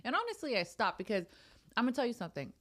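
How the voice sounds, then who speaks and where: A young adult woman co-hosting a casual sister chat, blunt and animated, swearing as she tells stories. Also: on the high side, racing. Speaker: podcast co-host.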